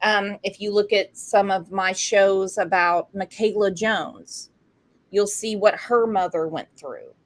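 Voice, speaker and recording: A woman's voice: mid-range voice, steady tone, slow. A woman hosts a true crime livestream with a mid-range voice. She speaks in an effusive, encouraging way to her guest and viewers. Her manner is earnest and supportive. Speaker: true crime channel host. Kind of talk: livestream interview.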